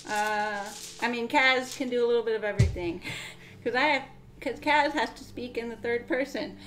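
Alien from pluto talking about itself in third person, deadpan jokes, kinda high voice, a woman doing it. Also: moderate pace, natural voice. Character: small-time alien from Pluto, clawed and mediocre, speaks of itself in the third person. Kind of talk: character introduction in a board game.

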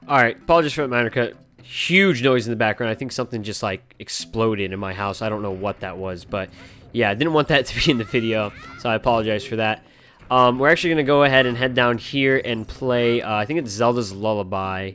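Guy rambling over a game he's playing at home, swears a lot, jokey, normal pitch. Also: a little fast, a bit bright, clear, resonant tone, soft background music. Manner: rambling, profane, joking, many fillers. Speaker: gaming channel host. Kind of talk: casual let's play commentary.

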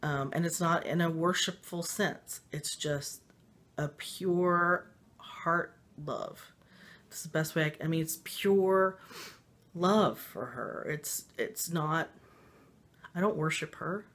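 A woman's voice: deep voice, slow pace, a bit bright. A woman casually telling a personal spiritual story, rambling with many fillers and little laughs, emotional and confiding. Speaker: spiritual vlogger.

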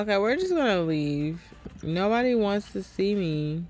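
A woman's voice: medium pitch, unhurried. A woman streamer, commenting on a game in a casual, profane way and talking to her viewers. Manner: profane, animated, talks to viewers. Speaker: gaming streamer. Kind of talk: casual let's play commentary.

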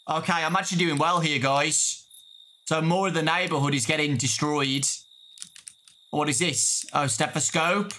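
A man playing a video game, chatting excitedly to his viewers as he goes. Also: fairly high pitch, moderate pace, slight background noise. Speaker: gaming YouTuber. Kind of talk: let's-play commentary. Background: game music.

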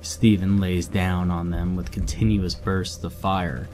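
A man narrating a horror story in a measured, steady reading. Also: deep voice, a little hiss or hum.

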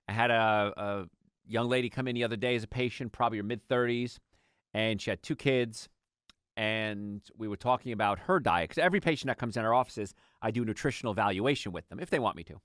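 A middle-aged man hosting a health radio show, telling patient stories in an animated, conversational way. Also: on the low side, quick pace, smooth, dry recording, studio quality. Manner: animated storytelling, acts out patients' lines.

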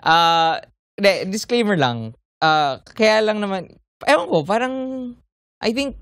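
Rambling Filipino man, lively pitch. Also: measured pace, smooth, dry recording, clean studio sound. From Philippines. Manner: joking, rambling, mixes English and Filipino. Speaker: podcast co-host. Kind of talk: casual chat.

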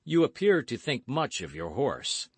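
A cool, worldly musketeer, read by a male narrator, talks slowly and deliberately with a lively melodic lift. The sound is dry and close. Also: medium pitch, husky, dry recording, voice pushed up, exaggerated voice. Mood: persuasive. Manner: calm, measured and deliberate.

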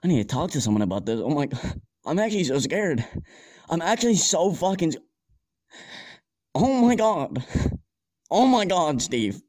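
Guy doing a freaked out young dude in an audio story, stammers and swears a lot, kinda high voice. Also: very animated, moderate pace, long pauses, a little mellow. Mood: panicked. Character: panicky young man, jittery amateur scientist. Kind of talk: amateur audio drama.

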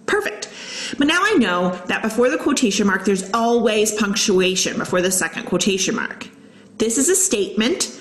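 A woman elementary school teacher leads young students through a writing lesson in a recorded online class, patiently explaining each step and reading example sentences aloud. Her mid-range voice is a bit bright, and the audio is poor, with an echoey room.

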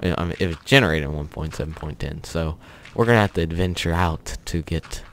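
A man's voice: very deep voice, fast, slight background noise. A young man hosting a gaming channel, telling a story in a rambling, offhand way with chuckles while he plays. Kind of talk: casual commentary over gameplay.

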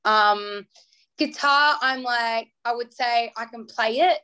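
A young Australian woman talking casually as an interview guest. Her voice sits a bit high, and she chats in a bubbly way, full of fillers, acting out little quotes as she goes. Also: slow, pushed and bright, clear, resonant tone. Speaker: singer guest.

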